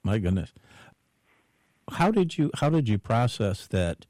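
Man, interview host, low gravelly voice, slow measured questions, dry sound. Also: big pitch swings, darkish tone, no echo.

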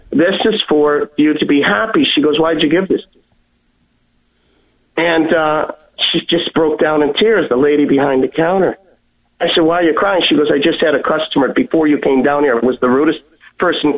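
A man on a tinny phone line tells a personal story, his voice a touch high. He talks earnestly and often stumbles and repeats his words. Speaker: guest sharing a testimony.

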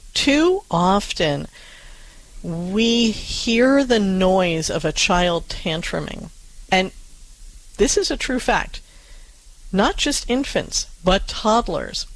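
A woman co-hosting a parenting advice show, speaking in a calm, reassuring way. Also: mid-range voice, no room sound, low-quality recording.

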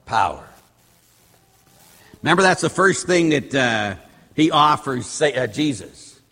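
Middle-aged priest preaching in a reverberant hall. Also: male voice, medium pitch, sing-song, measured pace, sharp tone. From Pittsburgh. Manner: rambling storyteller, restarts and asides. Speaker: Catholic priest. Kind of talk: sermon with personal stories.

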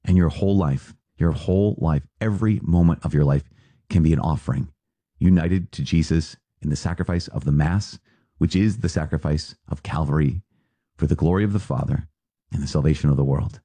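Deep dark-voiced priest exhorting. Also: male voice, brisk, husky, no echo. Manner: earnest, exhorting, with sudden lively asides. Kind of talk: podcast sermon reflection.

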